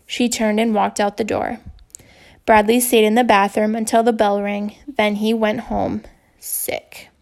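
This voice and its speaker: Woman with vocal fry reading a story. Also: mid-range voice, level tone, moderate pace, a little mellow. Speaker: audiobook reader. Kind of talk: reading a children's novel aloud.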